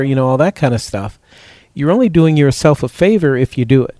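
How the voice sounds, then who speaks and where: A man's voice: medium pitch, lively intonation, brisk, darkish tone, no room sound, studio quality. A man hosting a health talk show, chatting casually and rambling, with many fillers.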